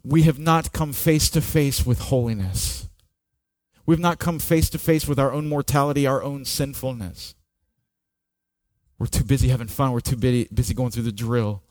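A pastor delivers a slow, dramatic sermon, his ordinary mid-pitched voice moving between hushed, near-whispered passages and raised, ringing peaks. The recording is close and dry, with no room sound.

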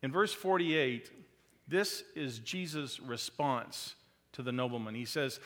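Male preacher, impassioned sermon delivery, rising to loud peaks and falling quiet, in a reverberant hall. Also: mid-range voice, expressive, normal speed.

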